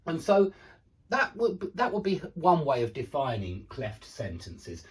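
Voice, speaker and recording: Male teacher, animated pitch, patient explainer, mic a little distant. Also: a little slow. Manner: patient, explanatory, checks in with "okay?" and "yeah?". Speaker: English grammar teacher. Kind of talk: online grammar lecture.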